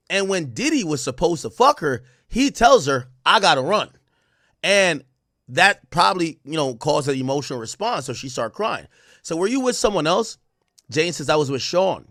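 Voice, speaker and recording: A man, animated and profane, reacting to news on a livestream and reading out testimony. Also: dry recording, studio quality. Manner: animated, swings from loud outbursts to low mutters; profane, reads court testimony aloud. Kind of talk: casual livestream commentary.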